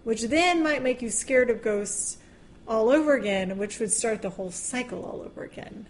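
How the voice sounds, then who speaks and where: A woman's voice: a little high, animated, moderate pace, slight background noise. A woman co-hosting a podcast, chatting casually and laughing often. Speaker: podcast co-host. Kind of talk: casual chat.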